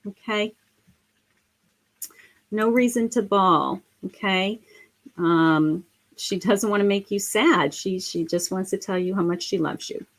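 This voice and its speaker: A middle-aged woman giving a live psychic reading, speaking gently and emotionally with many pauses and fillers. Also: medium pitch. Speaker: psychic medium.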